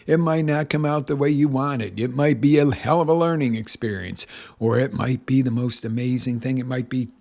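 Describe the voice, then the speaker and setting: A man's voice: mid-range voice, moderate pace, creaky. A man coaching a listening audience, talking with energy and emphasis as he tells a story. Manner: energetic, emphatic, tells stories with acted quotes. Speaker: life coach. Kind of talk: motivational talk.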